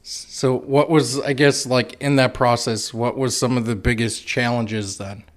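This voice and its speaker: A man hosting a studio interview. He asks his questions haltingly, restarting as he goes, and drops in short reactions. His voice sits at an ordinary mid pitch. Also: steady tone. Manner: hesitant questions, short affirmations. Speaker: podcast host. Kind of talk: interview chat.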